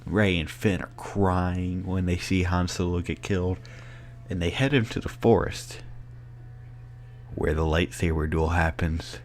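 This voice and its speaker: A man giving a casual spoken movie review, excited and rambling with many filler words. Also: sits low, a little hiss or hum.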